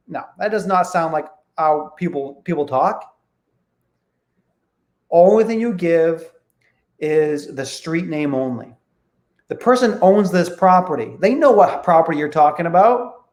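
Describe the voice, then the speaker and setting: A man's voice: a little high, expressive, a little slow, darkish tone, echoey room. A man coaching sales calls in an online training talk, emphatic, often checking in with his listeners. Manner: emphatic, keeps checking in with "okay?". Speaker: real estate investing coach.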